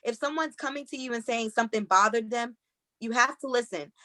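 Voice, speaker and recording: A woman's voice: on the high side, brisk, pushed and bright, no echo. A woman co-hosting a casual film-review chat over a video call, earnestly explaining her view with repeated starts. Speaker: podcast co-host reviewing a film. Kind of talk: casual group discussion.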